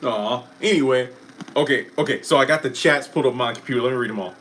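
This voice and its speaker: A young man hosting a relaxed live stream. He talks in a chatty, rambling way, cuts himself off mid-sentence, and drops in quick apologetic asides. His voice sits at a medium pitch. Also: faint music behind. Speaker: YouTube live stream host. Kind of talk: casual live stream chat reacting to viewer comments.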